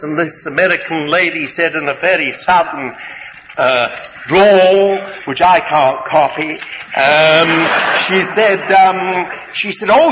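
A man preaching a sermon, deliberate and halting, with many fillers and gentle humour, in a large hall. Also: a little high. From Britain. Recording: reverberant hall, faint background noise.

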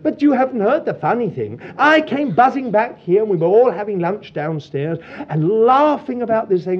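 Older man, husky and animated. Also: high-pitched, normal speed. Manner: animated storytelling, acts out quoted voices. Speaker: Christian fellowship leader. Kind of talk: anecdotal testimony talk. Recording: dull lo-fi recording.

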